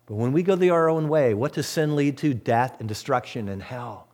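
A man preaching as pastor of his church, swinging from loud emphatic peaks to hushed low asides. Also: moderate pace. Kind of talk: sermon.

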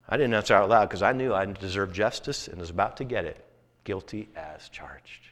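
A man's voice: lowish voice, moderate pace, a bit bright. A man pastor telling a story in a sermon, in a folksy, conversational way.

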